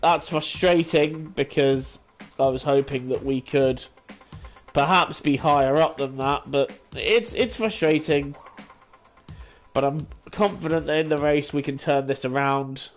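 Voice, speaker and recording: His voice a little high and unhurried, a man who hosts a gaming channel talks himself through a racing game. The casual commentary is self-critical and exasperated in spots, and faint game music plays in the background.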